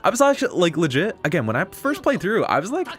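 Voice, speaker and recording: A man's voice: high-pitched, very animated, fast, a bit bright. A man chatting casually while live-streaming a game, rambling with lots of fillers and playful slang. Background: game music.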